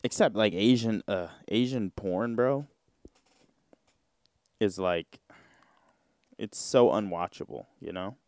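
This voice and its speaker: A man's voice: on the low side, takes it slowly, pauses often, darkish tone, no echo. A young man hosting a podcast solo, chatting casually in a rambling, slangy, profane way. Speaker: podcast host.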